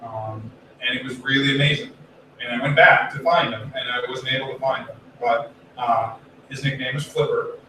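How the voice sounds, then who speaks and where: A man giving a relaxed, conversational Buddhist sermon, telling a story and acting out the people in it. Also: medium pitch, moderate pace. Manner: chatty, acts out quoted voices, swears casually. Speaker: Buddhist minister. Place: temple hall. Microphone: distant room mic. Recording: very echoey hall, from far off, faint room noise.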